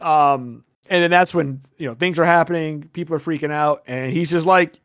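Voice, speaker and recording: A man's voice: on the high side, normal speed, clear, resonant tone, dry recording, dull audio. A male podcast host casually recapping a movie, rambling with lots of fillers and the odd swear. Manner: rambling, filler-heavy retelling with frequent "like".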